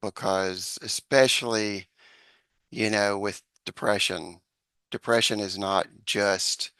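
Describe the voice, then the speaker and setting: Earnest low-voiced man giving advice. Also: steady tone, slow pace, bright, forceful tone, clear, resonant tone, no room sound. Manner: earnest, hesitant, acts out example dialogue. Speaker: podcast guest, social psychologist. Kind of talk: conversational advice in an interview.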